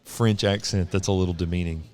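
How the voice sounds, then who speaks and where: A man's voice: sits low, fairly even intonation, a little fast, darkish tone. A man hosting a podcast interview in a casual, joking way, laughing often while he chats with his guest on a convention hall floor. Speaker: podcast host.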